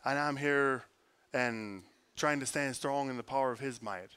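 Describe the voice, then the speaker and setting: A man preaching a sermon, earnest, moving between forceful emphasis and quiet, hushed prayer. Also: medium pitch, unhurried, smooth. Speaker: pastor.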